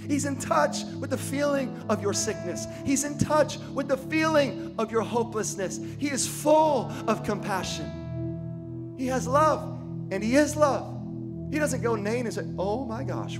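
Male preacher, high voice, rhythmic repeating cadence that swells to fervent preaching, music bed underneath. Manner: builds from hushed, intimate telling to loud, fervent preaching. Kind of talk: sermon. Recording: music playing behind the voice.

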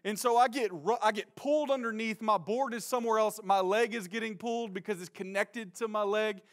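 A young male pastor tells a story from the pulpit in a high-pitched voice. He is animated and loose, full of casual slang, and he throws himself into the quoted lines, sometimes shouting them out. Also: a little fast. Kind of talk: sermon storytelling.

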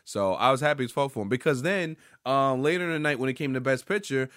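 Man, podcast host, casual commentary, profane, rambling, excitable, dry close sound. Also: medium pitch, fast talker, no room sound. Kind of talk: casual pop-culture commentary.

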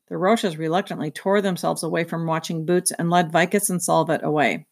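A woman reading a children's novel aloud, in a steady storytelling manner. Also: on the low side, normal speed, vocal fry, hardly any pauses. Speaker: reader. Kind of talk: children's book read-aloud.

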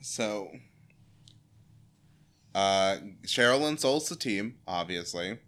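Man co-host, slow giggly delivery, swears a lot, loose podcast chat. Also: fairly low pitch, animated, a bit bright. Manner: laughs often, swears freely. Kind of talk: casual rewatch chat.

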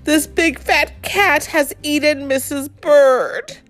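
A woman voicing a proud, happy male bird from a storybook, singing his lines slowly. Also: high-pitched, fairly bright tone, pitched above the performer's own voice. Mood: tearful.

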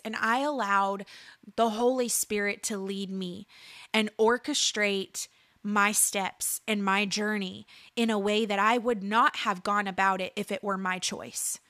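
A woman's voice: mid-range voice, fairly even intonation, unhurried, bright, forceful tone, no room sound, studio quality. A woman in her thirties giving an earnest preaching testimony, building emphasis through repeated phrases. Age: 30s. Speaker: speaker sharing a faith testimony.

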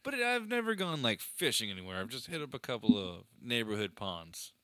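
A man chatting casually, telling funny stories in an animated way and laughing often. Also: medium pitch, brisk, dry recording. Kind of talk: casual chat.

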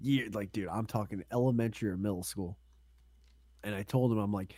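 A man's voice: lowish voice, fairly quick, warm tone, breathy edge, dry recording. A young man co-hosting a casual podcast, telling rambling stories full of swearing and laughter. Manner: rambling storyteller, swears a lot, laughs often. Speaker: podcast co-host. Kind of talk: casual chat.

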